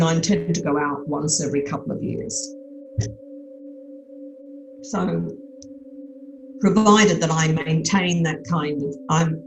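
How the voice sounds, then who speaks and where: Cheeky older Australian woman, lowish voice. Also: gravelly, poor audio. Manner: cheeky, frank, rambling with restarts. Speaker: actress and podcast guest. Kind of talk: casual interview chat.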